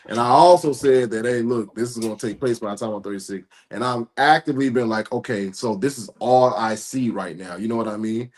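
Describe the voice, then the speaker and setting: A man's voice: mid-range voice, darkish tone. A man in his thirties hosting a podcast, talking in a laid-back, slangy, rambling way with many restarts. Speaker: podcast host. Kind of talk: casual chat.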